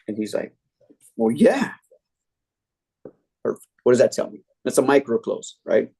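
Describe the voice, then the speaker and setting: A man leading a sales training meeting, telling a sales story with lively energy. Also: mid-range voice, fairly quick, gravelly, slightly rough. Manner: energetic storytelling, acting out customer quotes. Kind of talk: team training talk.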